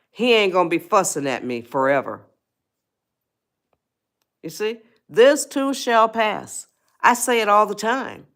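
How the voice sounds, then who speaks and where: A middle-aged woman with a drawl gives folksy life advice on a livestream, speaking to her viewers directly and answering their comments. Her voice sits fairly low but swings widely up and down. She takes her time with unhurried, drawn-out phrasing. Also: a bit bright. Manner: folksy, talks straight to viewers, answers chat. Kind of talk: casual motivational livestream talk.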